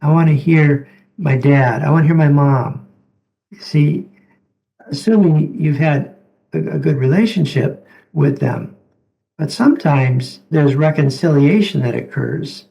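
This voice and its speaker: A gentle, halting man talks at an unhurried pace. His voice sits a little high with a gravelly edge and a mellow, darker tone. He is a doctor telling stories as an interview guest. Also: poor audio. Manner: gentle, halting, repeats words. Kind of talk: reflective storytelling in conversation.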